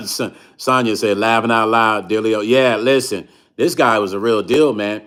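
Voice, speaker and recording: A middle-aged man from Chicago telling a story on his livestream, animated and laughing often, acting out the other people's lines. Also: on the low side, unhurried. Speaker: vlogger and musician.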